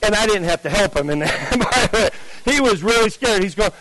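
A man telling his testimony to an audience, conversational and animated, acting out the dialogue with big swings in his voice. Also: high-pitched, moderate pace, poor audio. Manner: conversational, with fillers and restarts. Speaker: speaker giving a testimony to an audience. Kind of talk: storytelling testimony.

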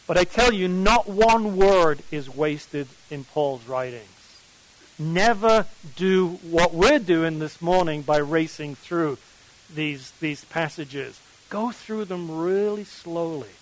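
A man's voice: high voice, rough recording. A man with an English accent preaching at a morning Bible study, emphatic and often putting questions to his listeners. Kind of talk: sermon.

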